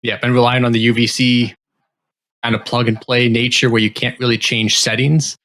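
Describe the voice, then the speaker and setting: A man co-hosting a casual tech podcast, explaining technical details at length in an even, matter-of-fact way. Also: medium pitch, normal speed.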